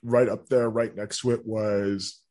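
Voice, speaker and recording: A man co-hosting a casual sports chat, speaking in a measured way with many filler ums. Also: lowish voice, little pitch movement, darkish tone. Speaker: podcast co-host.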